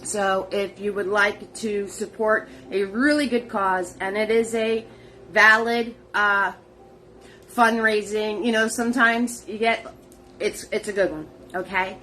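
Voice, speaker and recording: A woman's voice: medium pitch, fairly even intonation, unhurried, pushed and bright, a little hiss or hum. A woman hosting a live-streamed painting class, chatty and bubbly, greeting viewers by name. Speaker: paint party host.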